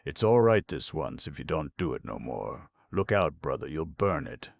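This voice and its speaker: A man voicing a half-mad old male tramp who preaches in a sing-song voice, mumbling and then shouting. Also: rumbling low, big pitch swings, moderate pace, gravelly, dry recording, clean studio sound, exaggerated voice. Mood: preaching.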